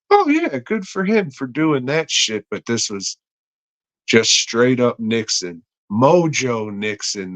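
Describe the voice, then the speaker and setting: Slow talking podcast guy, swears a lot, jokey, dry mic. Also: on the low side, a bit bright, dry recording. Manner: crude, joking, rambling. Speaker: podcast host. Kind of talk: casual episode review with ad read.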